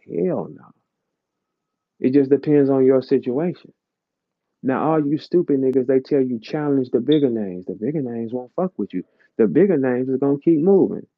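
A man's voice: mid-range voice, no room sound. Profane ranting man on a dull stream. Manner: blunt, profane, lecturing. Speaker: host of an audio chat room. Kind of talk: heated rant in a live audio chat. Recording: dull lo-fi audio chat stream.

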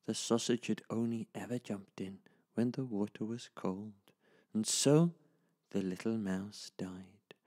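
A man telling a traditional children's story in a slow, lively, sing-song way. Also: fairly low pitch.

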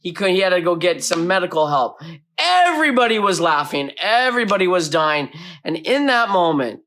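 A man telling a behind-the-scenes anecdote in an animated storytelling way, acting out his own past lines. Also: sits high, normal speed.

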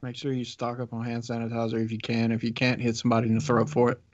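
A man's voice: mid-range voice, completely flat delivery, a little mellow, dry recording, dull audio. Southern man rambling on a podcast. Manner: rambling, halting with many restarts. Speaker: podcast co-host. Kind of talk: casual podcast chat.

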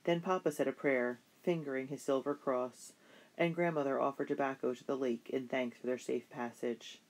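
A middle-pitched voice reads a children's historical novel aloud. The delivery is steady, like a bedtime story, with only light voicing for the characters. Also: normal speed. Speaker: narrator. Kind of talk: audiobook narration of a children's novel.

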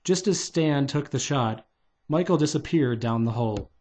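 A man's voice: mid-range voice, animated, moderate pace, a little mellow, slight background noise. Man reading a storybook aloud. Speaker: reader. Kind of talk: reading a children's novelization aloud.

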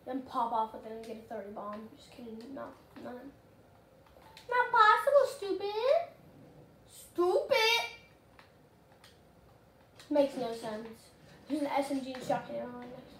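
A woman giving casual, rambling gameplay commentary, getting excitable and shouting at the game. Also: a little high, brisk. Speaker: gaming channel host. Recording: roomy and noisy.

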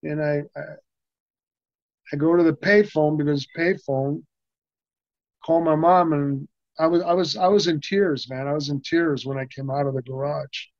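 Older man telling profane stories, slightly high voice. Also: normal speed, dry recording. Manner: animated, profane, full of restarts and laughs. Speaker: interview guest, stuntman and actor. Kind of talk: casual storytelling interview. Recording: muffled, dry sound.

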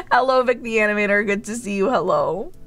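Woman, live-stream host, mid pitch, very animated intonation, playful motherly teasing. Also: fairly quick, faint music behind. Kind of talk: live-stream chat reading, barista role-play.

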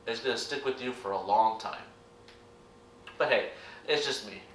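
A man's voice: mid-range voice, normal speed. Young american man, casual opinion vlog, rambling restarts, roomy echo, sits back from the mic. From United States. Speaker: YouTube reaction vlogger. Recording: echoey room, distant mic.

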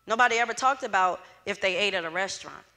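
A woman's voice: mid-range voice, fast. A middle-aged woman from Louisiana, telling her story in a motivational speech to students and acting out the dialogue with energy. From Louisiana, USA. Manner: animated storyteller who acts out dialogue. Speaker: closing speaker at a student event. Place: event hall with student audience. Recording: echoey hall.

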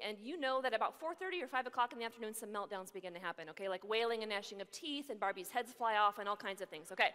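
A woman who is a religious sister, giving a humorous keynote talk and telling stories in a lively, animated way. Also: fairly high pitch. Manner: lively, animated storyteller acting out voices. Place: large conference hall. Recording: echoey large hall.

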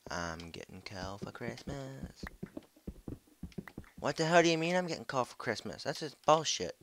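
A man giving casual commentary while playing a game, swearing freely, shouting at monsters and muttering to himself. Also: mid-range voice, sing-song, normal speed, gravelly, slight background noise. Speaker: video host.

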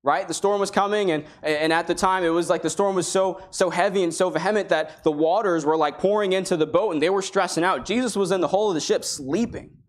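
High-voiced man preaching earnestly. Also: brisk, few pauses. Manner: earnest, conversational preaching with King James quotations. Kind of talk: sermon.

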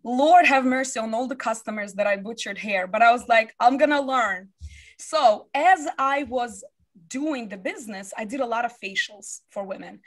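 Animated, fairly high-voiced woman telling her story. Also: normal speed. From USA. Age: 30s. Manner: animated storytelling, acting out quotes. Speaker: guest, business founder. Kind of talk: personal story in an interview.

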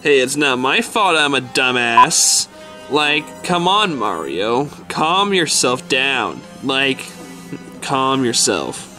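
A man's voice: mid-range voice, big pitch swings, takes it slowly, sharp tone, soft background music, exaggerated voice. A man voicing a brash, lazy cartoon hedgehog who brags and talks in slang. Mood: shrugging. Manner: slangy, boastful, dismissive. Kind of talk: toy stop-motion fan skit voice.

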